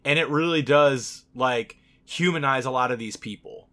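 A man's voice: mid-range voice, moderate pace, fairly bright tone. A man co-hosting a casual podcast, talking candidly, swearing freely, with lots of fillers. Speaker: podcast co-host.

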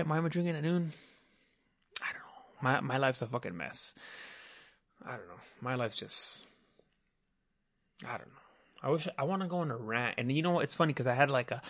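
A man hosting a casual podcast at home, rambling and swearing freely as he chats with his co-host. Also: medium pitch. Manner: profane, rambling and animated. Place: home podcast set with green screen.

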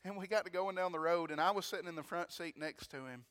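A preacher talks fast through a storytelling sermon, his high voice smooth and resonant. He's animated, doubling his words and shouting praise, while a long reverb echoes as if in a big church hall.

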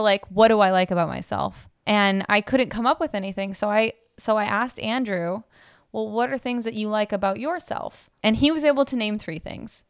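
A woman's voice: mid-range voice, a bit bright, clean tone, no echo, studio quality. A young adult woman co-hosting a podcast, talking in an earnest, chatty way with lots of fillers. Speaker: podcast co-host. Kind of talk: casual podcast chat.

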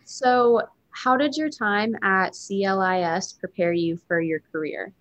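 A woman's voice: medium pitch, measured pace, a bit bright, no echo. Woman interviewer, dry close sound. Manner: brief, direct questions. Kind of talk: interview questions.

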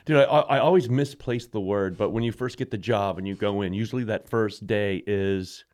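A man's voice: lowish voice, a little mellow. A man in a casual podcast chat, chiming in with short jokes and reactions. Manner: jokey, quick interjections.

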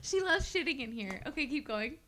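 Bright higher-voiced woman on a podcast, swears a lot, tells stories all excited and animated. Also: brisk, slight background noise. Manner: animated, profane storytelling. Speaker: podcast co-host. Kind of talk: casual podcast chat.

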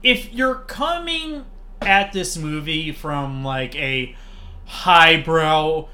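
A man's voice: fairly high pitch, lively intonation, very slow, pushed and bright. A man as podcast guest, chatting casually about a movie with wry, complaining asides.

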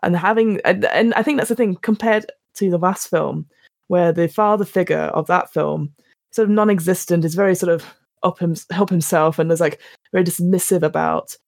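A woman's voice: on the low side, normal speed, creaky, dry recording, studio quality. A woman co-hosting a casual podcast chat about films, retelling scenes and acting out the characters' lines with plenty of restarts. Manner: animated storytelling, acts out quotes, restarts often. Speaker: podcast co-host reviewing films.

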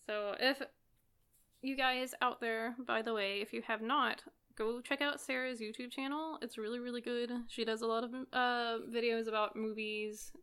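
A woman's voice: a little high, fairly even intonation, normal speed, fairly bright tone, clear, resonant tone. A woman hosting a podcast, upbeat as she wraps up the episode and thanks her guest. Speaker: podcast host. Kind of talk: casual chat.

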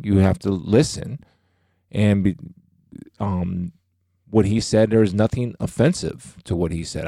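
A man's voice: on the low side, dark tone, no echo, studio quality. A middle-aged man co-hosting a faith podcast, talking earnestly and emphatically about his beliefs. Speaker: podcast co-host.

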